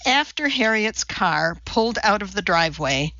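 A woman narrating an audiobook in a measured, even reading. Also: medium pitch, dry recording, muffled recording. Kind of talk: scripted narration.

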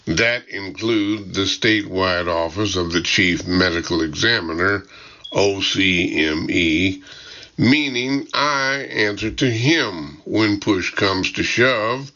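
A man narrating a first-person audiobook in a measured, wry way. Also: lowish voice, bright, forceful tone, muffled recording.

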